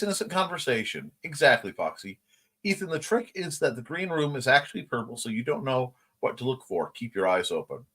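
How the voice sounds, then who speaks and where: A man's voice: mid-range voice, sharp tone, breathy edge. A man hosting a casual livestream morning chat, reading viewer comments aloud and laughing along. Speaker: host.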